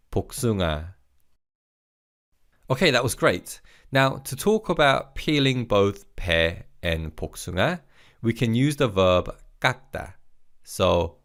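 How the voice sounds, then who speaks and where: A man teaching a recorded vocabulary lesson, leading slow repeat-after-me drills and praising the learner between words. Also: fairly low pitch, creaky, fairly bright tone. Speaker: language teacher.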